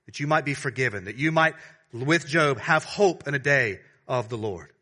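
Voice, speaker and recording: A male pastor preaching a sermon, alternating between fervent, raised declarations and soft, hushed appeals to his congregation. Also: medium pitch, lively intonation, moderate pace. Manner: swings from loud preaching to hushed tenderness; addresses the congregation as beloved.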